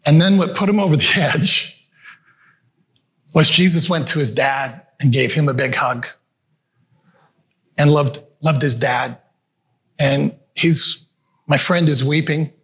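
Conversational male pastor, slightly high voice. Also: takes it slowly, pauses often, fairly bright tone. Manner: conversational, addresses the audience as friends. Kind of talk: sermon with storytelling. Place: church meeting room with a screen.

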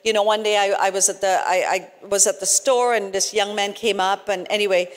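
Woman speaker for a casual sermon; mid-pitched, chatty, restarts often; long hall reverb. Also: steady tone, fairly quick. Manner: chatty, tag questions like "right?", frequent restarts. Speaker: speaker at a church gathering. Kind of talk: conversational sermon with personal stories.

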